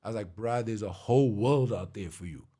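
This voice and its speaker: A man co-hosting a podcast in casual chat, telling personal stories in a lively way and laughing often. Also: on the low side, brisk. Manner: animated storyteller, laughs often. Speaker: podcast co-host.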